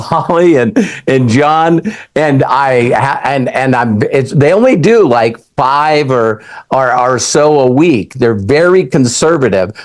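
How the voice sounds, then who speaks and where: Effusive man in his sixties. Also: medium pitch. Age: 60s. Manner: effusive, rambling with restarts. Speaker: testimonial speaker. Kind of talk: enthusiastic testimonial.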